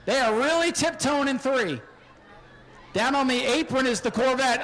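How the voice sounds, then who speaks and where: A man announcing a spectator race from the flag stand at an outdoor speedway, excitable and joking, often shouting. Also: very high-pitched, unhurried, long pauses, faint music behind, rough recording. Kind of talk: live race commentary over PA.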